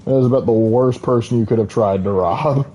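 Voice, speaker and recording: Man, game streamer, rambling casual chat, mellow voice, faint background hiss. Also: medium pitch, fairly quick. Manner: chatty and rambling, laughs often. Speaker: gaming streamer. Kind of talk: casual live-stream commentary.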